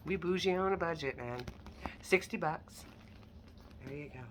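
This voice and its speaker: This online handbag reseller speaks in a deep voice at a moderate pace, with a bit of background noise. Showing bags for sale in her casual showcase vlog, she chats openly and pokes fun at herself along the way.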